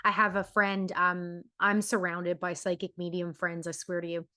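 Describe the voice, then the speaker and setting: A woman's voice: on the low side, little pitch movement, normal speed, bright, forceful tone, no room sound, clean studio sound. A woman in a casual podcast conversation, earnest and affirming, talking over a video call.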